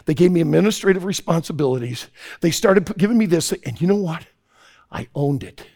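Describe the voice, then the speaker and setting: A man preaching an impassioned sermon to young people, swinging from hushed tones to shouting. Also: on the high side, animated, a little fast. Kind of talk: sermon to a youth audience.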